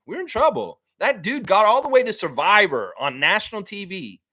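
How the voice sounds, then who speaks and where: A man's voice: moderate pace, no room sound. A man hosting a basketball fan live stream, chatting casually, reading viewer comments and ranting with the odd swear. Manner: animated, jumps into high-pitched mock voices when quoting people.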